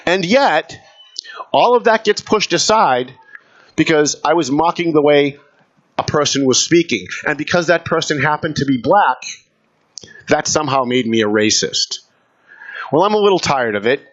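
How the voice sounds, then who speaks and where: A man's voice: fairly high pitch, lively intonation, normal speed, long pauses, fairly bright tone, lo-fi sound. A man hosting a radio talk show, delivering an emphatic, combative opinion monologue.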